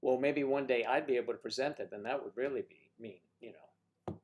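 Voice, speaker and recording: Guy hosting a chatty livestream, rambly and jokey, teasing his guests, mid pitch. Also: fairly quick. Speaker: livestream host. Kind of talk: casual livestream chat with guests.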